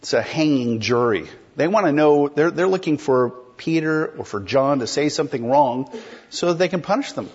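A man's voice: a little high, expressive, normal speed, darkish tone, breathy edge, muffled recording. A man preaching an expository sermon in a conversational way, explaining a text and putting questions to the congregation. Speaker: pastor.

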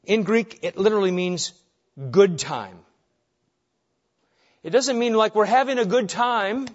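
A man's voice: high-pitched, measured pace. A man preaching a sermon as pastor, earnest and driving his point home with short repeated phrases. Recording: dull lo-fi recording.

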